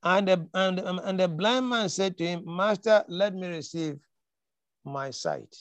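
A man with a high voice preaches with emphatic force. He repeats key lines for weight and acts out the scripture quotes. The sound is dry and close. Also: measured pace, a bit bright, dry recording. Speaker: pastor. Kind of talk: sermon.

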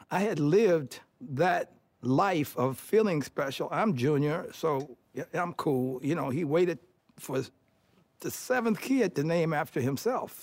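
An older man from Detroit, USA, tells stories from his past in a reflective interview. His voice sits a little high for a man and has a husky edge. He chuckles often, acts out what his family said, and sounds close and dry, with no room echo. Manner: animated storyteller who chuckles as he talks and acts out family dialogue.

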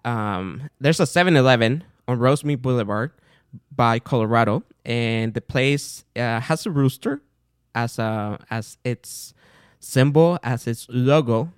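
Man, casual host monologue, mid-pitched, animated storytelling, dry close recording. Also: a little slow, clean tone, dry recording. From outside the United States. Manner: animated, chatty, with fillers and retold dialogue. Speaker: podcast host.

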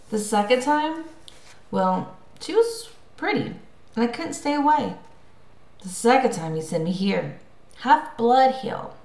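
A woman voicing a bored, sarcastic male wine god in an audiobook, drawling and scornful. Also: a little high. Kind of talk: audiobook character voice. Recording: roomy echo.

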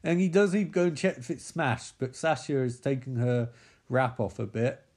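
A man giving sweary, excitable running commentary on a movie. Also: mid-range voice, moderate pace.

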